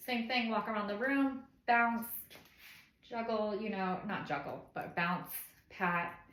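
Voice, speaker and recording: Thirtysomething mom explaining baby stuff, chatty, lots of "okay?", roomy echo. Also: female voice, medium pitch, unhurried, long pauses. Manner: chatty and instructive, often checks in with "okay?"; softly shushes and imitates baby cries while demonstrating. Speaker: parenting vlogger. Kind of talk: casual how-to demonstration. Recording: echoey room.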